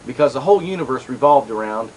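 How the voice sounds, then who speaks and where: A man's voice: mid-range voice, lively intonation, fast, a little mellow, highs cut off, slight background noise. A middle-aged man hosting a comics show, rambling through casual commentary with lots of asides and restarts.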